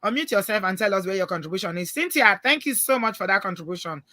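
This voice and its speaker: Bright emphatic Nigerian woman host. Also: medium pitch, lively intonation, fast talker, dry recording. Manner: emphatic, advising, warm toward callers. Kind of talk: live call-in chat.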